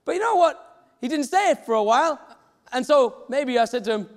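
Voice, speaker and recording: A man's voice: extremely high pitch, expressive, brisk. A man preaching a sermon, telling stories and acting out the voices of the people in them. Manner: storytelling, acts out quoted voices. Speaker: pastor. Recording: reverberant hall.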